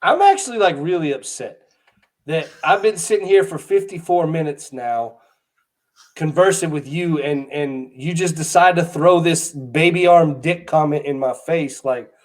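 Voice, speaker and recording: A man's voice: on the high side, moderate pace. A man co-hosting a comedy podcast, ribbing his co-host in a teasing, mock-outraged way. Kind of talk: casual comedic banter.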